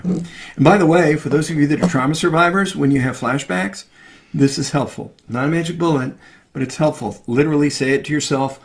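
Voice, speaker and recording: A man, a past life regression therapist, giving gentle coaching advice in a casual live stream chat. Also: fairly high pitch, fairly quick, vocal fry. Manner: gentle, coaching, acts out parent and child talk.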